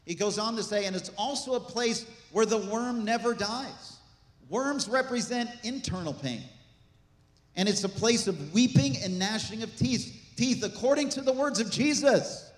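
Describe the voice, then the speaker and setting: A man preaching a sermon as pastor, animated, with asides and jokes to the congregation. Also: sits high, normal speed. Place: church sanctuary. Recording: echoey church hall.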